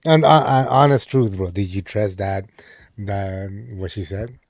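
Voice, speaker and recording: A man's voice: on the low side, measured pace, darkish tone. A man co-hosting a radio show, reacting to a story with short, laid-back questions in casual chat.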